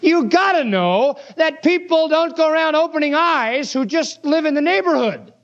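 Animated high-voiced male preacher. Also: moderate pace, dull audio. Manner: emphatic, rhetorical questions to the congregation. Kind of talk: sermon.

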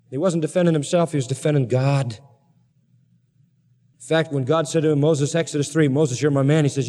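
A man preaching a sermon, telling stories dramatically and building his emphasis to loud peaks. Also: a little high, normal speed, pauses often, in a large hall. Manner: animated, dramatic storytelling with rising emphasis.

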